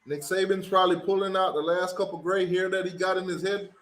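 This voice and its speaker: Excitable man calling football plays. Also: high-pitched, fairly quick, echoey room, rough recording. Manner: excitable, shouts during big plays. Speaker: watch party host. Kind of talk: casual play-by-play commentary.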